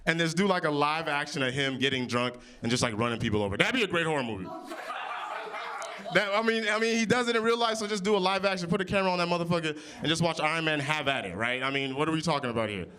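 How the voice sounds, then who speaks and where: A young man from Oklahoma performing improvised stand-up comedy, loud and brash, cursing and teasing the crowd. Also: on the high side. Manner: loud, brash, playful crowd work with swearing. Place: winery comedy stage before a live audience.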